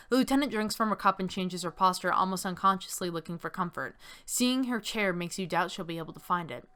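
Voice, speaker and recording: Young woman doing a chill lets-play, chatty, laughs a lot, bright voice. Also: lowish voice, animated, a little fast, hardly any pauses, clean tone. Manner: chatty, laughs easily, lots of fillers. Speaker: game streamer. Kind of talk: casual let's-play chat and reading aloud.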